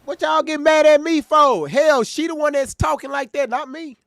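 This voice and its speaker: A man hosting a live stream, reacting to clips with loud, profane commentary that swings between shouted asides and low, disbelieving mutters. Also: normal speed, vocal fry, dry recording, clean studio sound.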